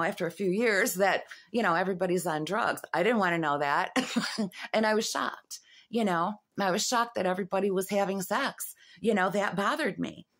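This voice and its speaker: A woman in her fifties talking to camera in a rambling monologue, halting with fillers and restarts and rising into agitated, urgent questions. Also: medium pitch. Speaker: vlogger.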